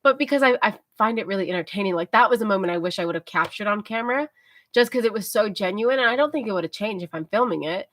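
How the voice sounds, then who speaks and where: A tired young woman rambles through a story on her livestream, mellow and chatty, with lots of fillers. Her voice sits at an ordinary middle pitch and sounds dry and close, with little room sound. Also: lively intonation, fast talker, no room sound. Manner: rambling, filler-heavy, self-talking. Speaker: livestream host. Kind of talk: casual storytelling chat.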